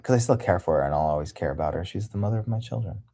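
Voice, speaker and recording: Man, livestream host; low, husky, dark voice; candid, rambling chat. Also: lively intonation, very fast. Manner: candid, rambling, laughs often.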